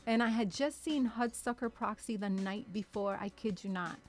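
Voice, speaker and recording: A woman telling a lively story as a radio show guest, acting out the people in it. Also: medium pitch, moderate pace, soft background music. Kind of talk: animated storytelling in casual chat. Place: radio studio.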